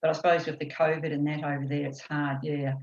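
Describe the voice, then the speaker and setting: A woman's voice: sits low, little pitch movement, quick pace, darkish tone. A woman with a New Zealand accent, chatting on a video call in a rambling way, full of fillers. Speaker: course participant. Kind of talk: casual video-call chat. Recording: echoey, muffled video-call audio.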